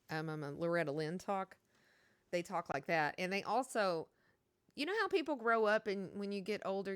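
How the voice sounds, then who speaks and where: A woman's voice: on the low side, clear, resonant tone, dry recording. A woman from Kentucky with a Kentucky accent, chatting casually on a stream and reading out chat, rambling and laughing as she talks.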